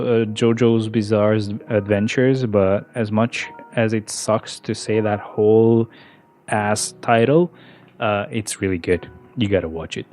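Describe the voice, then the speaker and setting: A man's voice: lowish voice, steady tone, measured pace, a little mellow, soft background music. A young man from Albania, chatting casually and profanely with viewers while he plays. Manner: rambling, profane, answers chat between moves. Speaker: streamer. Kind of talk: casual gameplay chat with viewers.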